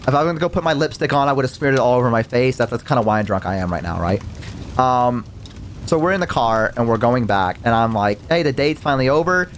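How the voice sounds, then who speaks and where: Lively young man telling a story. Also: medium pitch, fast, slight background noise. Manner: animated, acts out the voices in his story; swears casually, filler-heavy. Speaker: VTuber storyteller. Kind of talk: casual storytime monologue.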